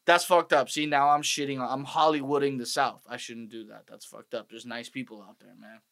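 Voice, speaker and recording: Bright-voiced man ranting profanely. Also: medium pitch, steady tone, fairly quick. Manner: profane, rambling, sarcastic asides. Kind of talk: profane comedic rant.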